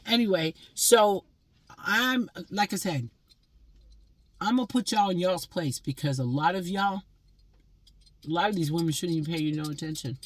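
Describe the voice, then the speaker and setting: A woman's voice: lowish voice, normal speed, long pauses. A woman in her sixties from Pennsylvania, delivering a blunt, profane, scolding monologue as a vlogger. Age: 60s.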